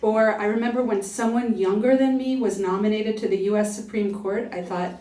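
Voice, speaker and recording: A woman's voice: mid-range voice, steady tone, fairly quick, dark tone. A woman in her forties gives a chatty, self-deprecating book talk to a live audience and laughs often. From United States. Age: 40s. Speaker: author giving a book talk. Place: library event room. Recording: echoey room, voice from far off.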